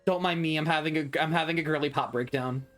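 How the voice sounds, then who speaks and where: A man's voice: on the high side, fast talker, fairly bright tone, faint music behind. A young man streaming a video game live, reacting with dramatic, whiny, self-mocking commentary.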